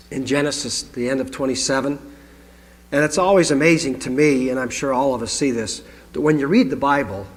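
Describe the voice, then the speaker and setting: A man giving a conversational sermon to a congregation, reading scripture aloud and adding his own asides. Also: mid-range voice. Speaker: pastor. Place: congregation hall. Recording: long hall reverb.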